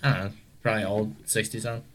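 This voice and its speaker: A man's voice: on the low side, little pitch movement, very fast, fairly bright tone. A man in casual chat, telling laid-back stories with some swearing. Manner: laid-back storyteller, profane.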